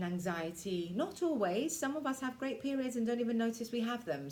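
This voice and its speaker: A woman in her forties runs a relaxed self-care talk for teenagers. Her voice sits a little low, and she keeps a chatty, reassuring tone, acting out moods as she goes. A soft background noise stays under her voice throughout. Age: 40s. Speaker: self-care workshop leader. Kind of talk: casual teaching talk to teens.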